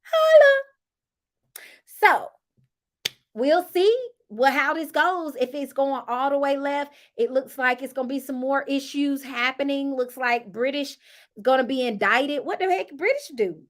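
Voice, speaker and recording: A woman hosting a casual reality TV recap vlog, sassy and animated, talking straight to her viewers and calling them honey. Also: high voice, measured pace.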